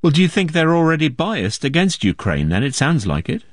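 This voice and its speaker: A male news interviewer whose voice moves widely in pitch as he presses a guest with probing follow-ups. The sound is dry and close. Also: sing-song, brisk, no room sound.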